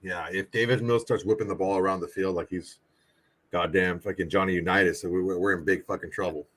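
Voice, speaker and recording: A man's voice: sits low, fairly even intonation, fairly quick. A man co-hosting a casual sports podcast, blunt and emphatic, swearing heavily. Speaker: podcast co-host.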